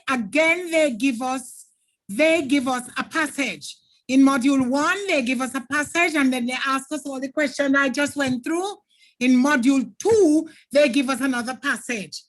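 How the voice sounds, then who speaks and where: Jamaican lady teacher, high voice, emphatic, keeps talking right to her students. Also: fairly bright tone. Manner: emphatic, instructive, addresses students directly. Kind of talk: exam preparation lesson.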